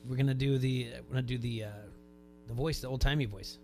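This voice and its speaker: A man's voice: mid-range voice, fairly even intonation, quick pace, a little mellow, soft background music. A man hosting a sports radio show, chatting casually, often restarting his sentences. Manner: rambling, restarts sentences, reads posts aloud.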